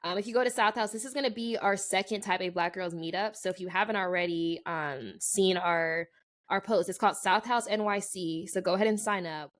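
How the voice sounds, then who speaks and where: A young woman co-hosting a podcast, telling a story in a casual chat, lively and laughing, jumping her pitch high to act out other people. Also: a little fast. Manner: animated, laughing, acts out quoted voices with big pitch jumps. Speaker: podcast co-host.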